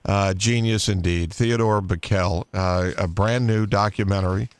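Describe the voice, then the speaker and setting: A male radio host with a fairly low voice who asks eager questions. He often trips over his words and restarts his sentences. He keeps the interview moving. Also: fairly even intonation, a little slow, dry recording.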